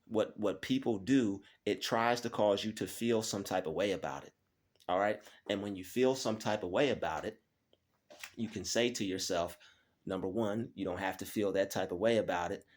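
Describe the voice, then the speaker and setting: A man hosting his channel, giving a motivational self-help talk, often checking in with "all right?" and slowing down to stress key phrases. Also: lowish voice. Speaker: channel host.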